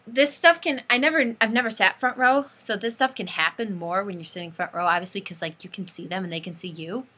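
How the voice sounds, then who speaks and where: A teenage girl telling an excited fan story in a casual vlog, gushing and saying "like" constantly. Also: mid-range voice. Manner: gushing, breathless, says like constantly. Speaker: fan vlogger.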